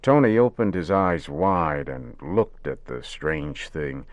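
Very deep, slow male story narrator. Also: big pitch swings, no room sound. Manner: measured, simple wording. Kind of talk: scripted radio story narration.

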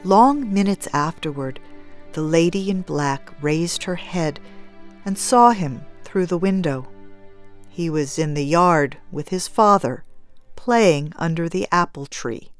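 A woman narrating a classic story in a measured, even reading style. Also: fairly low pitch, soft background music. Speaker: audiobook narrator.

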